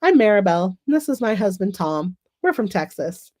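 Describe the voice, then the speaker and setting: A woman's voice: medium pitch, very animated, normal speed, darkish tone. A woman reading the lines of a chatty, forward married woman who speaks in a bubbly way.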